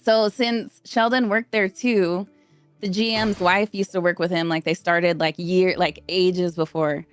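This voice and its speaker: A woman's voice: fairly low pitch, steady tone, a little slow, smooth, no room sound, soft background music. A woman in her thirties, a podcast guest rambling through stories in casual chat. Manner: chatty, rambling storyteller.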